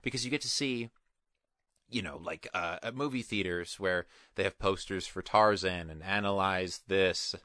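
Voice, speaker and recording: A man with a lowish, bright and forceful voice talks through a film in a casual podcast chat. He circles back, restarts and piles on qualifiers as he goes. The sound is dry and close. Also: moderate pace, no echo. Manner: rambling, many restarts and qualifiers. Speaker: podcast co-host.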